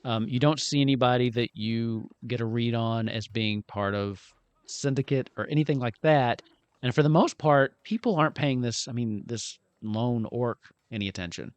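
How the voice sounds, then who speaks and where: A man runs a tabletop game, narrating scenes at a relaxed pace with plenty of ums and restarts. His voice sits at an everyday middle pitch. The sound is dry and close to the mic, with no room echo. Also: normal speed. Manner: relaxed, rambling descriptions with fillers. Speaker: game master.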